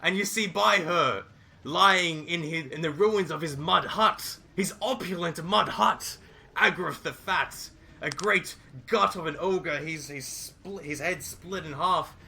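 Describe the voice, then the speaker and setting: A man running a tabletop game as game master, telling the scene in a lively, improvised way. His voice is bright and gravelly and sits a little high. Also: measured pace, a little hiss or hum. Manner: lively, improvised storytelling with restarts.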